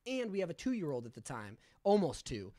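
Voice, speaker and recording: Man, 30s, quick raised-pitch voice, blunt storytelling in a casual podcast chat. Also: wildly swooping pitch. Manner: candid, profane storytelling, acts out quotes loudly. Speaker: podcast co-host sharing his sobriety story.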